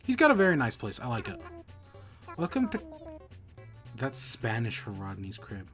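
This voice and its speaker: A man's voice: mid-range voice, wildly swooping pitch, brisk, fairly bright tone, faint music behind. Man rambling over his game stream. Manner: rambling, self-correcting chatter. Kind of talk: casual gameplay commentary.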